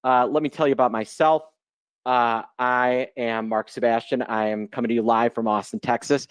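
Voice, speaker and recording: A man's voice: medium pitch, fairly even intonation, moderate pace, smooth, no echo. A man in his forties from Chicago speaks in an ordinary mid-range voice, loose and chatty as he leads a live trading webinar. He slips in jokes at his own expense. The sound is dry and close, from a computer mic on a video call. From Chicago, United States. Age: 40s. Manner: chatty and joking, loose unscripted delivery. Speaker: guest presenter, options trader.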